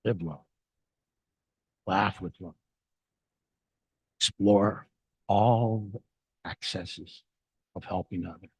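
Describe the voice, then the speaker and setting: An older man giving an animated inspirational talk, mixing jokes and stories. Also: low voice, takes it slowly, pauses often, husky, no room sound. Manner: animated storyteller, jokes and acted quotes. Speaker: speaker.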